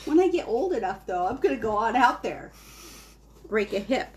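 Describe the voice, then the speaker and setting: A middle-aged mother talks at the family dinner table in a high, lively voice that swoops up and down. She is playful, laughs often, and teases her family. A faint hiss sits under the recording. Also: normal speed. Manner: playful, laughs a lot, acts out silly voices. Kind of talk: casual family chat.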